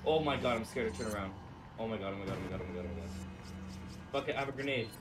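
A man giving casual let's play commentary on a horror game, excitable, swearing and yelling in panic. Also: lowish voice, very fast, loud music behind the voice. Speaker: gaming video creator. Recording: distant mic under loud game noise.

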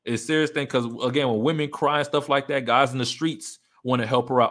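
A man's voice: mid-range voice, steady tone, quick pace, few pauses, fairly bright tone. A man speaking candidly to his listeners about a painful breakup, emphatic and repeating his key points. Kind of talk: personal storytelling to an audience.

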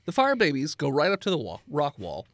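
A man guides his players through a tabletop adventure, his voice a little high and full of movement. He hesitates with ums and uhs as he describes the scene. The sound is close and dry. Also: a little fast, no room sound. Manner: animated, hesitant with fillers, shouts NPC lines. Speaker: dungeon master. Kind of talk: narrating a tabletop game.

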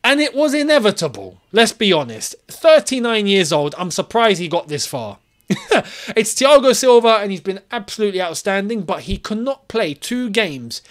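A man hosting his own football channel, ranting in an animated, exasperated way and firing off rhetorical questions. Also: high-pitched. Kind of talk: solo football opinion vlog.

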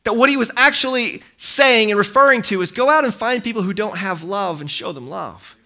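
A man's voice: high-pitched, brisk, sharp tone. A man preaching a sermon in a church, passionate and repetitive, acting out quoted dialogue. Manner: impassioned, acts out quoted dialogue, repeats phrases for emphasis. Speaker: pastor. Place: church hall.

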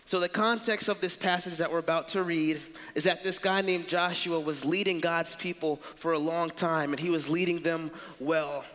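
Pastor guy preaching, pretty high voice, earnest and punchy, church hall echo. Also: fairly even intonation, moderate pace, fairly bright tone. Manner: earnest, emphatic, conversational. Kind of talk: sermon. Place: church sanctuary.

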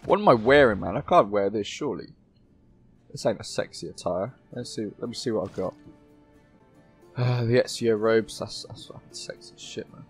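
A man's voice: on the low side, expressive, normal speed, breathy edge, faint music behind. A man giving casual, joking gameplay commentary, swearing freely as he plays. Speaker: gameplay YouTuber.

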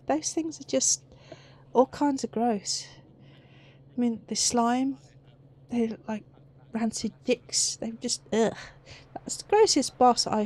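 High-voiced woman narrating a horror game. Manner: chatty, reacts with gasps, squeals and swearing. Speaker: let's play gamer. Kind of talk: casual gameplay commentary.

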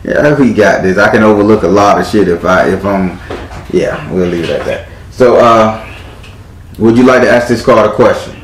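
Male tarot reader, low voice, playful and profane delivery, echoey room with faint background hum. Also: moderate pace. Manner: theatrical, profane, teasing. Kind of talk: live tarot reading.

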